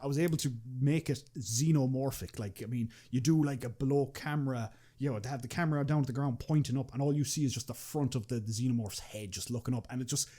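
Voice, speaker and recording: Fast-talking Irish man. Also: mid-range voice, a little mellow. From Ireland. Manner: rambling, many restarts and fillers, swears casually. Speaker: podcast guest, machinima creator. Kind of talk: casual podcast chat.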